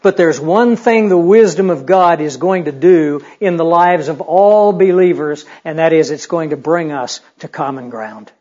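A man's voice: fairly high pitch, a little slow, few pauses, a little mellow. A male pastor preaching a sermon in a conversational, humorous way, full of rhetorical questions. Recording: dull lo-fi recording.

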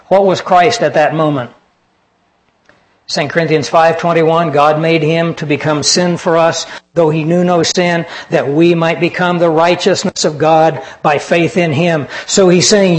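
High-pitched guy preaching, earnest, gets quiet on the personal bits. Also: steady tone, measured pace, rough recording. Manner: earnest preaching, rising for scripture, dropping low for personal stories. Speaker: pastor. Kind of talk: sermon.

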